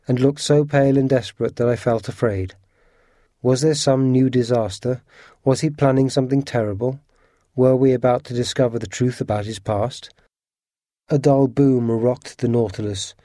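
A man reading a storybook aloud as its first-person narrator, in a steady, earnest manner. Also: mid-range voice, dry recording, studio quality.

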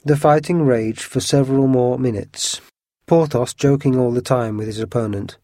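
A man narrating a classic adventure story in an even, measured storytelling manner. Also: medium pitch, no echo, clean studio sound. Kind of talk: storybook reading.

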